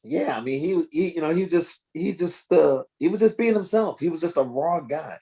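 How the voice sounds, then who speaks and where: A man telling a lively story in a video call interview, acting out the voices of the people in it. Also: on the high side, moderate pace. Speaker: guest drummer. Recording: choppy internet connection.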